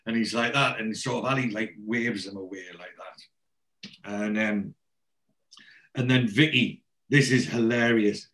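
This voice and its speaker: A man's voice: fairly low pitch, a little slow, a bit bright. A man casually retelling a TV episode, acting out the characters' lines and swearing freely.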